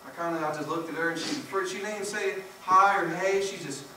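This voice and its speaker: High-voiced preacher in an echoey church. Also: male voice, fast talker. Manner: emphatic, swinging between loud peaks and hushed low passages. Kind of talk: sermon. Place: church sanctuary. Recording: echoey church from far off, noisy.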